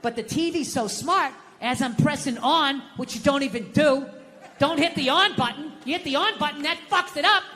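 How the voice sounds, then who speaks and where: A middle-aged man doing a stand-up comedy set, animated and swearing as he rants. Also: very high voice, moderate pace, in a large hall.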